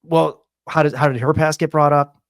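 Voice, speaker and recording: A man's voice: fairly high pitch, normal speed, no echo. Rambling man in his forties, dry sound. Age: 40s. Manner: rambling, animated storyteller. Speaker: podcast host. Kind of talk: casual storytelling chat.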